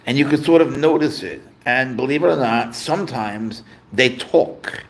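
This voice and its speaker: A man's voice: medium pitch, expressive, moderate pace. A man hosting a casual livestream, chatting easygoing and rambling while he answers viewer comments. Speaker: livestream host and pet owner.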